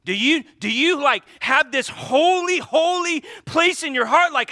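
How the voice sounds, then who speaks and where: Male pastor, sermon delivery, high and piercing, dry close sound. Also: expressive, measured pace, bright, forceful tone, no echo. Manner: preaching with rising intensity, crying out to God.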